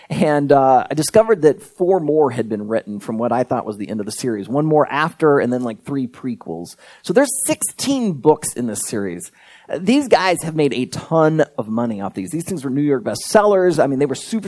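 A man's voice: medium pitch, darkish tone. A man preaching a sermon as pastor, conversational and unpolished, with frequent fillers and restarts, building to emphatic points.

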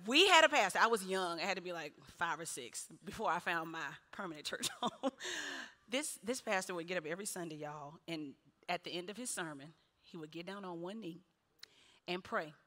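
A woman preaching a sermon, animated, with punchy repeated refrains and laughing between lines. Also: fairly low pitch, fairly quick. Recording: long hall reverb.

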